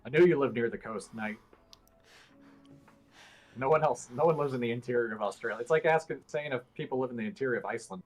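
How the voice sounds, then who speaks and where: Husky, rambling man guest. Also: mid-range voice, fast, long pauses, faint music behind. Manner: rambling, restarts sentences. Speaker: podcast guest. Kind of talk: casual roundtable chat.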